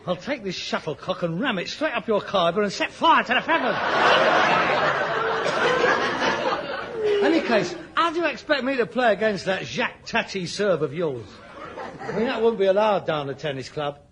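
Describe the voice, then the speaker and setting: A pompous, exasperated son. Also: male voice, high-pitched, sing-song, measured pace, long pauses, over a noisy crowd, heavy background noise. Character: snobbish, exasperated grown son with social ambitions. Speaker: frustrated grown son in a sitcom. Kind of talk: vintage radio sitcom acting.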